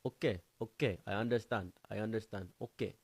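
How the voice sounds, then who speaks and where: A man voicing his African friend, a calm, blunt adult man who speaks in a slow, measured, matter-of-fact way. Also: on the low side, creaky, husky, no room sound.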